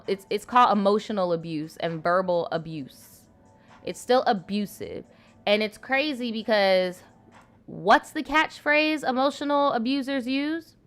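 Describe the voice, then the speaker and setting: A woman's voice: mid-range voice, fairly bright tone. A woman in her twenties reading viewer stories aloud and reacting to them in a blunt, profane, slangy way. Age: 20s. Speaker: host.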